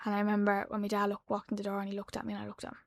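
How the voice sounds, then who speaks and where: A woman in her twenties with an Irish accent, a podcast guest telling a personal story in a soft, halting way that drops to a hush. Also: mid-range voice, completely flat delivery, creaky, dry recording. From Ireland. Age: 20s. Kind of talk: emotional personal account. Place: podcast studio.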